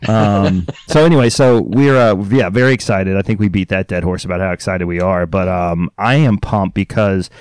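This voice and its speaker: Low-voiced joking podcast host. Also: male voice, normal speed, few pauses, smooth, dry recording, studio quality. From Texas. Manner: joking, excitable, rambling. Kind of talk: casual podcast chat.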